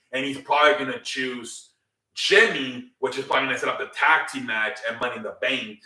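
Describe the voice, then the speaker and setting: A man talks through a wrestling show in a loose, rambling recap, full of fillers and restarts. His voice is bright and forward, and it sits a little back from the mic. The room gives it a clear echo. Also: medium pitch. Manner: rambling, many fillers and repeated words. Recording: roomy echo, a bit far from the mic.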